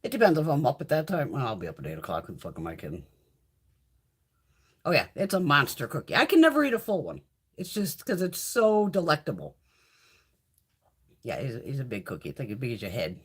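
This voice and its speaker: A middle-aged beauty livestream host talks a little fast in a very deep, breathy voice whose pitch swoops wildly, broken by long pauses. She swears casually, chats with viewers, and reads their comments aloud.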